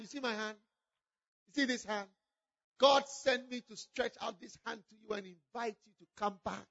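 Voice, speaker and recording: Male preacher, fervent sermon, repeated appeals, gravelly edge, muffled lo-fi sound. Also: extremely high pitch, normal speed. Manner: fervent, repetitive appeals, often shouting. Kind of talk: impassioned sermon. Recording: dull lo-fi recording.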